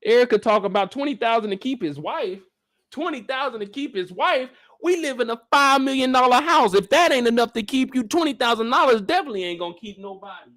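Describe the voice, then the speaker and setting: A man's voice: extremely high pitch, lively intonation, quick pace, a bit bright, no echo, studio quality. A man hosting a live after-show discussion, ranting in disbelief at his viewers and repeating phrases for emphasis. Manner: talks straight to his viewers. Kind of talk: animated live reaction commentary.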